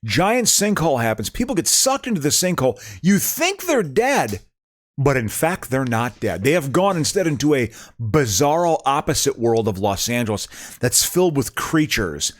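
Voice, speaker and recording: A man's voice: medium pitch, sing-song, moderate pace, no room sound, clean studio sound. A man co-hosting a podcast in casual chat, rambling and self-mocking as he explains a show. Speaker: podcast co-host.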